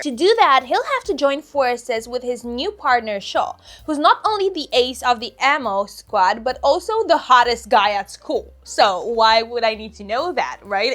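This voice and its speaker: A woman vlogging a casual book haul, bubbly and giggly, gushing with excitement. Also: sits high.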